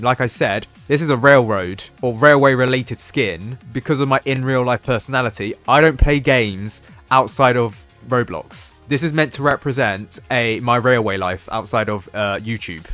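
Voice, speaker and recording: A man's voice: mid-range voice, fairly bright tone. A young man with a southern English accent, chatting casually over game footage, often correcting himself and trailing off into fillers. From southern England. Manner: rambling, self-correcting, with frequent fillers. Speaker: Roblox YouTuber.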